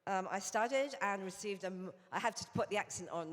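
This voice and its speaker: A woman's voice: medium pitch, a little fast, hardly any pauses. A woman from England with a British accent giving a chatty, anecdotal conference speech as a Rotary International director. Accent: British English. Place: conference hall. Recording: reverberant hall.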